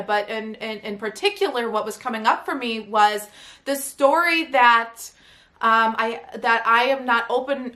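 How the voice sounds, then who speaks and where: A woman hosting her own podcast, telling a personal story in a chatty, animated way, full of "like" and "right?". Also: fairly high pitch. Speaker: podcast host and coach. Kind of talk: casual storytelling monologue.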